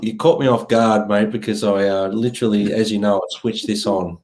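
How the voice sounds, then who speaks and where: Australian male co-host, easygoing, slightly low register. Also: steady tone, normal speed, a little mellow. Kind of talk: casual livestream chat.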